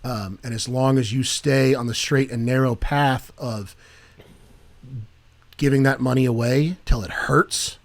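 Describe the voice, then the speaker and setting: A man's voice: medium pitch, steady tone, a little slow. A man in a mid-range voice co-hosting a Christian talk podcast. He jokes with rising energy, then turns earnest and preachy. He speaks casually to his co-host. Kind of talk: casual faith chat.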